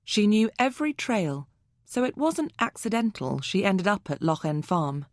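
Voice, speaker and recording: In a dry, studio-quality recording, a woman with a mid-range voice reads a scripted audiobook. Her storytelling is even and measured.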